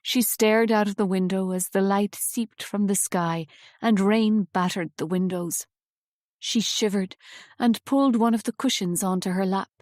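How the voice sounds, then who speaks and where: A woman reading a novel aloud as an audiobook narrator, in a measured, even storytelling manner on a close studio mic. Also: mid-range voice, no room sound.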